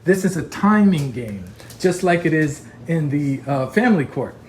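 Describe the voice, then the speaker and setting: A man arguing heatedly on a call, ranting and mocking others in quick impressions. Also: fairly high pitch, animated, a little hiss or hum. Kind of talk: heated phone argument.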